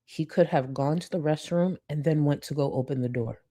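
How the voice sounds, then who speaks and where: A woman's voice: sits low, fairly quick, warm tone. A woman streamer giving blunt, emphatic commentary, swearing freely and reading chat comments aloud.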